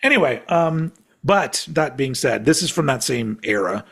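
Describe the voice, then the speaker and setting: Husky-voiced man in his forties, excitable. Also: mid-range voice, moderate pace. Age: 40s. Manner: excitable and profane, swears freely. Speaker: podcast co-host. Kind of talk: casual chat ranking albums.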